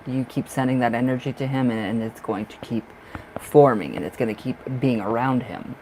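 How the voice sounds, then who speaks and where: A man's voice: medium pitch, fairly quick, darkish tone, rough recording. A chatty, effusive man reads tarot cards live for his viewers, gushing over their love lives and calling them darling. His voice sits in an ordinary middle range, with a faint hum of the room behind him. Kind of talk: casual live-stream chat.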